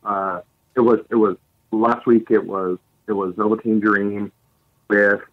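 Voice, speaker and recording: A man with a low voice co-hosts a podcast, talking casually and recounting events in an animated play-by-play. His voice is recorded close and dry, with no room sound. The audio is slightly dull and lo-fi. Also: a little slow, no room sound. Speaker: podcast co-host. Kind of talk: casual chat.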